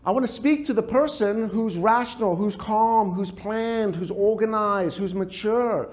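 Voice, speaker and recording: A man with a fairly high voice leads a lively workshop talk. He tells stories full of sound effects and keeps tossing questions out to the audience. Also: unhurried. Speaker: speaker and trainer.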